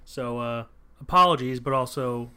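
A man chats casually about movies on a home podcast. He rambles, circles back with fillers and restarts, and speaks at a middling pitch. The room around him has poor acoustics. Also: moderate pace, a crowd in the background. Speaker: podcast co-host.

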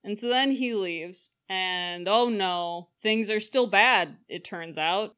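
A young woman chatting casually on a podcast, jokey and animated as she acts out quoted lines in silly voices. Her delivery is loose and conversational, with a playful, teasing edge. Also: medium pitch, slow, smooth. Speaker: podcast co-host. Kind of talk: casual chat.

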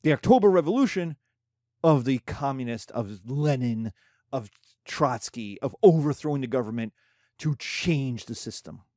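A man teaching a history lesson in a conversational, animated way, often checking in with asides. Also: medium pitch, moderate pace, no room sound, clean studio sound. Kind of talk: casual history lecture.

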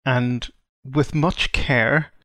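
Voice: mid-range voice, fairly even intonation, extremely slow, fairly bright tone, no room sound, clean studio sound. Easygoing player thinking aloud. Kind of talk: casual tabletop play.

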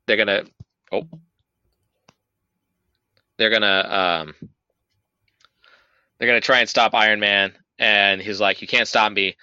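A young man with a bright, smooth voice and slightly low pitch rambles through a movie recap, swearing freely and slipping into quick character voices. The sound is dry and a little dull, like a lo-fi home recording. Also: no room sound. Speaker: podcast host. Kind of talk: casual movie recap chat.

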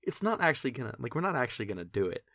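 Bright-toned man running a game. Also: medium pitch, big pitch swings, rapid-fire, creaky, no echo, studio quality. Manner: casual, rambling narration. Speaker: game master. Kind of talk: narrating a tabletop game.

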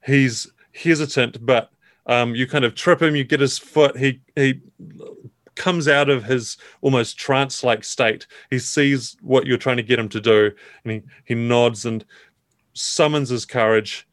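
A man running a tabletop game as game master. He narrates in a measured, descriptive way with fillers. The recording is close and dry. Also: mid-range voice, fairly even intonation, a bit bright, no echo.

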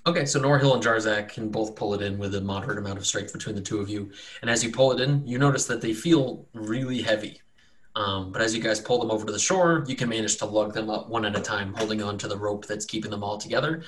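A man's voice: fairly low pitch, quick pace, fairly bright tone. A man narrating as game master in an easygoing, rambling way, with frequent fillers.

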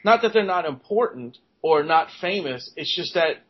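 A man co-hosting a podcast, talking in a halting, hesitant way full of fillers. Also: on the high side, expressive, over a noisy crowd. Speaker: podcast co-host. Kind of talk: casual chat. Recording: dull lo-fi podcast recording.

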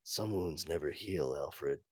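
A man voicing a brooding, self-absorbed male caped crusader in a low, hushed delivery. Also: takes it slowly, breathy edge, dry recording, exaggerated voice.

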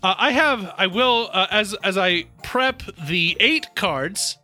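A man's voice: sits high, lively intonation, slow, pushed and bright, faint music behind. A man co-hosting a podcast in casual chat, playful and wordy with a mock-formal streak. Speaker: podcast co-host.

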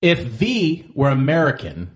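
Casting: male podcast panelist, playful questioner, lively pitch. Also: unhurried. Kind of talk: casual podcast chat.

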